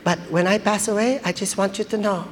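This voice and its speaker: A man's voice: steady tone, very noisy, lightly acted. A man putting on a mischievous old grandma. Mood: spooky teasing. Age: older. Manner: slow, high and drawn out. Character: elderly Filipino grandmother, frail but mischievous. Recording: live show in a hall with audience.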